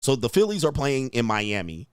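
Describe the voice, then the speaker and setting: Here a man with a smooth, medium-pitched voice speaks at a moderate pace, captured dry and at studio quality. Reacting to a viral clip, he offers animated, foul-mouthed, blunt commentary and performs people's lines himself.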